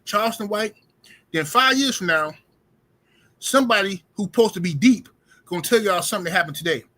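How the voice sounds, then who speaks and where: A man hosting a livestream, talking in loose slang with a high, bright voice. His tone is husky and a little rough, and he rambles from one point to the next. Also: lively intonation, a little fast. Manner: loose slangy rant, greets viewers. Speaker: livestream host. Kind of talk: casual livestream commentary. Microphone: streaming setup mic.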